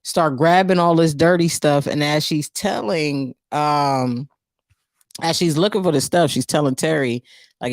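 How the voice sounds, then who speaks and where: A woman's voice: deep voice, a little slow, dry recording. Chatty New York woman, dry sound. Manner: chatty and loose, reacting to chat, frequent fillers. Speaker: comedian hosting her own live stream. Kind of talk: casual live-stream book recap.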